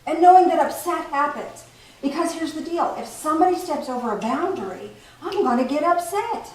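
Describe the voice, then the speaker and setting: A woman giving a playful, animated spiritual talk to a group, often laughing as she teaches. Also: high-pitched, fairly quick. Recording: echoey room from far off, faint noise.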